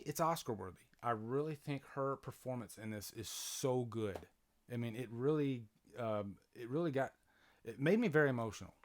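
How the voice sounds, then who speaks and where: Guy doing a live movie commentary stream from home, rambly and chatty, lots of ums and restarts. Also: medium pitch. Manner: chatty, with many fillers and restarts, greets chat viewers. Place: home, near a playing TV.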